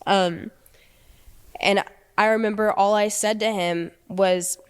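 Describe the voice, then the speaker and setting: Smooth-voiced young woman telling a story, hesitant. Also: medium pitch, fairly even intonation. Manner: hesitant, halting, many fillers. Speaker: interview guest. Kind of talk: personal storytelling.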